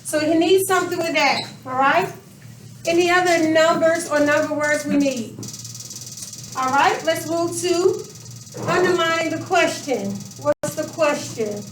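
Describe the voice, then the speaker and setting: Speaking in an extremely high pitch and taking her time, a woman leads a math lesson, stretching words for emphasis as she quizzes her students. There's background noise, and the camera sits across an echoey classroom, far from her.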